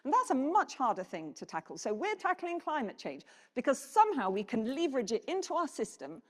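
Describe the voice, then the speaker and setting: A woman giving a conference presentation, animated and putting questions to the audience. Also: high voice, fairly quick. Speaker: keynote speaker. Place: conference hall. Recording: reverberant hall.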